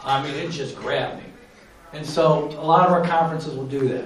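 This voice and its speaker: A man's voice: fairly high pitch, steady tone, brisk, fairly bright tone, a little hiss or hum. Earnest man presenting in an echoey room. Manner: storytelling, folksy and earnest. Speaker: charity presenter. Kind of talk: presentation to an audience. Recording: echoey room with faint ambience.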